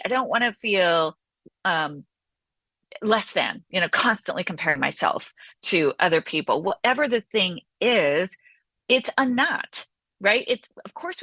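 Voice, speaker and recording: Bright, lively woman therapist. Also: medium pitch, no echo. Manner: animated, acts out inner voices. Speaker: therapist and author guest. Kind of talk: conversational interview.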